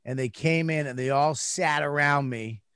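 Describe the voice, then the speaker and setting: A man's voice: fairly high pitch, moderate pace, a bit bright, clean tone, no room sound, clean studio sound. A man who grew up in Massachusetts, a comedian telling rambling, profane stories in casual conversation. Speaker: comedian guest. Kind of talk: casual storytelling chat.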